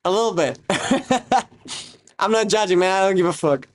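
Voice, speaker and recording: A young Romanian streamer talks in a loose, rambling way while he cooks. His accent is a mix he picked up online, and his voice sits a bit high for a man. He keeps breaking off to read and answer his chat. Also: quick pace. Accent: mixed, mostly learned online. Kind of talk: casual livestream chat while cooking.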